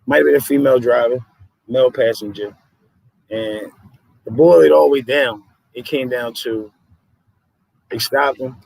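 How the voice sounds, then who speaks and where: Raspy gravelly streetwise man. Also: medium pitch, no room sound, rough recording. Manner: animated storytelling, streetwise slang. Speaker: podcast host. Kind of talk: casual chat.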